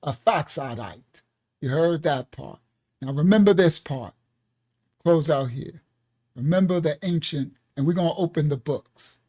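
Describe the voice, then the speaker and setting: A man's voice: on the high side, lively intonation, a little slow, warm tone. A man leading an online Bible lesson as pastor, talking in a loose, repetitive way with laughing asides.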